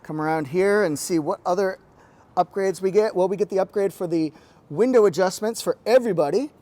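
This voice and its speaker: Male car reviewer, casual and quirky, fairly high voice, lapel mic inside a car. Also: brisk, mellow. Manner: chatty, quirky, jokey asides. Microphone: lapel mic pack.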